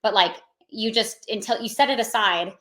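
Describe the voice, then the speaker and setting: A woman, a podcast guest, telling a personal story in a fast, excitable way, peppering it with fillers. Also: on the high side.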